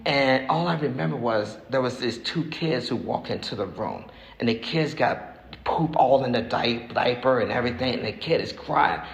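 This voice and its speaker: A man in his sixties giving a recovery testimony at a meeting, talking frankly and haltingly, repeating himself as he tells his story. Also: medium pitch, animated, vocal fry. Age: 60s. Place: meeting hall. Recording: echoey hall with faint noise.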